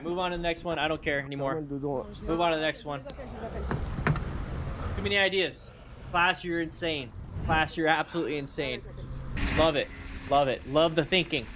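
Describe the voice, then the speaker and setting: A man hosting a casual livestream chat with viewers, excitable and rambling, repeating himself with bursts of hype. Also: a little high, normal speed, long pauses, background noise. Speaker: motorcycle riding instructor and channel host.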